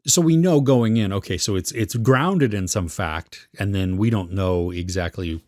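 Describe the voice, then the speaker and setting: A low-pitched, slightly mellow male voice at normal speed belongs to a podcast co-host in a laid-back film review chat. He reaches for his words while talking about a series he watched, and the clean studio recording has no echo.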